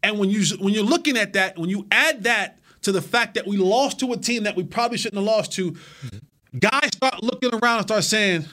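A man's voice: high voice, a little fast, bright, forceful tone. A man hosting a sports talk show, speaking casually and animatedly, often repeating words as he builds his point.

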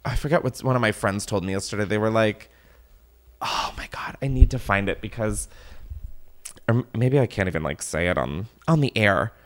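A man's voice: lowish voice, expressive, brisk. A man hosting a casual podcast, ranting animatedly with swearing and laughter. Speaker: podcast host.

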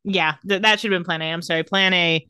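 A woman with a fairly low, pushed, bright voice co-hosts a casual podcast, recapping a TV episode with jokes and an offhand air. Her intonation stays fairly even, her tone clear and resonant without echo, and she runs through scenes quickly, laughing as she goes.

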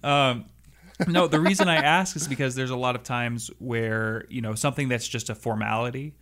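A man's voice: mid-range voice, moderate pace, a bit bright. A man hosting a casual podcast chat, laughing often and talking in restarts and asides. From Washington state, US. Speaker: podcast host.

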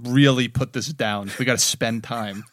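A man's voice: mid-range voice, normal speed, a bit bright. A man hosting a podcast, joking along with his guest in profane banter. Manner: joking, profane back-and-forth. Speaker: podcast host. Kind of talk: casual chat.

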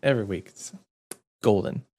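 A man's voice: lowish voice, moderate pace, mellow, slightly rough. A man co-hosting a casual gaming podcast, easygoing and laughing often. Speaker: podcast co-host.

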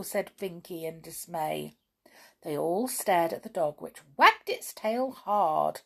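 A woman narrating a children's storybook reading in an expressive storytelling manner. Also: on the low side, slow pace, vocal fry.

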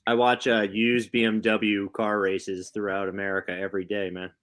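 Low-voiced man with dry asides. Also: level tone, moderate pace, fairly bright tone. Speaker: musician guest.

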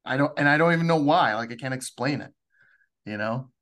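A man's voice: medium pitch, fairly quick, fairly bright tone. A man hosting a podcast, chatting casually, teasing and laughing easily. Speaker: podcast host. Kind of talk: casual chat.

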